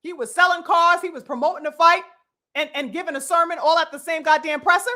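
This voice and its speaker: High bright-voiced woman ranting preachily. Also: quick pace. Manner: preachy, mocking, addresses viewers as brothers and sisters; blunt, profane, rhetorical questions. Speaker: boxing commentary host. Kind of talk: opinionated commentary rant.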